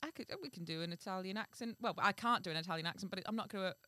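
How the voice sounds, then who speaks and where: A woman's voice: medium pitch, rapid-fire, sharp tone, no room sound. A woman co-hosting a comedy podcast, chatting and laughing as she reads a fairy tale aloud. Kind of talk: casual chat and storybook reading.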